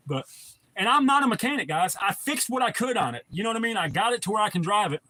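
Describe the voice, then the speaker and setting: A man's voice: sits high, lively intonation, brisk, sharp tone, no echo. A man chatting casually on a livestream, rambling and profane as he answers viewer comments. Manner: rambling, profane, laid-back. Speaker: livestream host.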